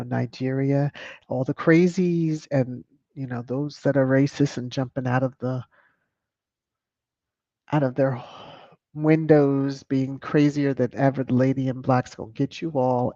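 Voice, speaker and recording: A woman hosting a casual commentary livestream, talking bluntly and chatty, gushing warmly when she thanks supporters. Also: very deep voice, vocal fry, dry recording, lo-fi sound. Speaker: host of a royal-news commentary livestream.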